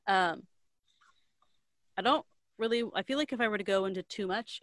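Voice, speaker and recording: A woman in casual chat, retelling a story in a rambling, animated way, filling every pause with "like". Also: mid-range voice, dry recording. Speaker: co-host recapping a book.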